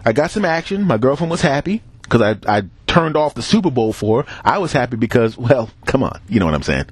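This middle-aged podcast host has a medium-pitched, breathy-edged voice and a brisk pace in a dry recording. Casually telling comic stories on his own, he animatedly acts out quoted voices and laughs in between bits.

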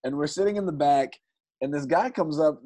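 A male stand-up comedian telling a story in casual chat, animated and swearing, acting out other people's lines. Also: fairly high pitch, fairly quick.

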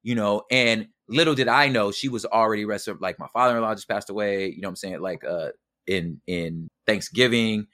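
Middle-aged guy on a podcast, slangy, bright forceful voice, dry sound, acts out every line. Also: fairly low pitch, brisk, no room sound. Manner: animated, slangy, acts out quotes. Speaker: podcast guest. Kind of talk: casual storytelling.

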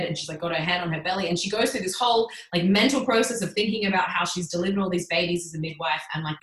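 A young woman casually retelling a book's plot, animated and full of "like," as a podcast co-host. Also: fairly low pitch, roomy sound, rough recording. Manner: chatty, animated retelling with frequent "like". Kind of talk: casual chat.

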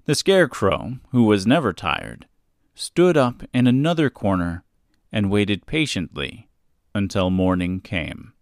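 A man narrating a children's storybook aloud as a podcast host, in a slow, expressive storytelling manner. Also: on the low side, no echo, studio quality.

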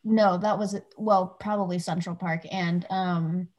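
A woman's voice: lowish voice, steady tone, measured pace, darkish tone. Chatty woman, filler-heavy casual talk. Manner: frequent fillers and restarts, conversational. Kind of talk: casual chat.

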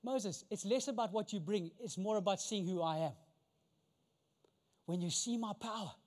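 A man voicing God in a sermon, speaking calmly and reassuringly, a little lower and softer than his own voice. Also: moderate pace, close to an everyday voice. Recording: long reverb of a large hall.

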